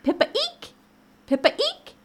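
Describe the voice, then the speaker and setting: A woman's voice: huge pitch swings, measured pace, background noise, full character voice. A woman voicing a small, anxious female mouse while reading a picture book aloud. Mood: squeaking. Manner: high squeaky storybook voice.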